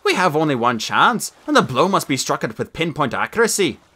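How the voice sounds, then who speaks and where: Male reader plays a haughty, exact young genius, crisp storybook voice. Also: a little high, very animated, a little fast, sharp tone, heavily acted. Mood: firm. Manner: formal, crisp and lofty. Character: prim, precise genius boy, formal.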